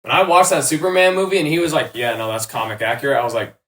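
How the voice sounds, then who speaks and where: A man's voice: mid-range voice, expressive, fast talker, a bit bright. A young man in casual podcast chat, talking earnestly with many fillers. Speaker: podcast co-host. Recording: distant, echoey room mic.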